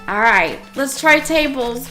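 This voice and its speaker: A woman streamer chatting slowly with her viewers in a bright, crisp voice pitched a little high. She keeps asking the chat what they think, giddy about her build. Soft music plays faintly behind her. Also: animated. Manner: chatty, asks chat for opinions, giddy and proud. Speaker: game streamer. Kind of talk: casual live-stream chat.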